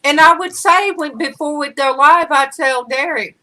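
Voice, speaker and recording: A woman's voice: high-pitched, moderate pace, hardly any pauses, pushed and bright, low-quality recording. A woman hosting a casual livestream, chatting and greeting viewers by name, laughing easily. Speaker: livestream host.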